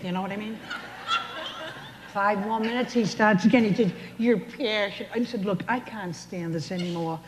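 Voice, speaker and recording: A woman's voice: mid-range voice, a little hiss or hum. Older woman comic in an echoey hall. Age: 70s. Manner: chatty storytelling with voiced punchlines. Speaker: stand-up comedian. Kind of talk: stand-up routine in a casino showroom. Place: casino showroom stage. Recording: echoey hall with faint ambience.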